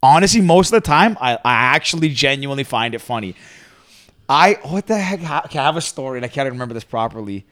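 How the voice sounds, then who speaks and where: A man in his thirties co-hosting a casual podcast, telling loose, rambling stories packed with fillers. His voice sits at a middle pitch. The recording is dry and close. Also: expressive, fast talker, a bit bright, dry recording. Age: 30s. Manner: rambling, many fillers, laughs at own stories. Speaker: podcast co-host. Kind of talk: casual storytelling chat.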